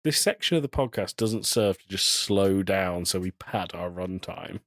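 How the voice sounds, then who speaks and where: A British man co-hosting a casual podcast, trading jokes with a deadpan delivery. His voice sits fairly low and sounds dry and close to the mic. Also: moderate pace, no echo. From Britain. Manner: deadpan joke-telling. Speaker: podcast co-host. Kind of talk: casual chat.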